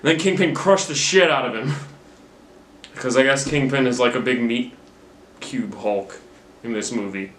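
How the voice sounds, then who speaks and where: A man's voice: medium pitch, normal speed, pauses often, a bit bright, a little hiss or hum. A young man rambles through a movie recap, swearing freely and poking fun at himself. He talks in an ordinary mid-range voice straight into a camera mic. The room around him rings with noticeable echo. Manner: rambling, profane, self-mocking. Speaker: movie reviewer. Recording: roomy camera-mic recording.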